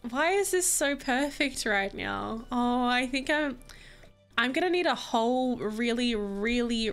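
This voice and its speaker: A woman's voice: on the high side, gravelly. Bubbly young woman gaming. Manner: bubbly, gushing, swings between soft murmurs and excited squeals. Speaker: gaming YouTuber. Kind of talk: casual gameplay commentary. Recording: faint music bed.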